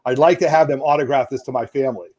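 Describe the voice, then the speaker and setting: A man with an East Coast American accent, hosting a casual chat and telling stories in a rambling, animated way full of fillers. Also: medium pitch, very fast, no room sound. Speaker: host. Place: home studio basement.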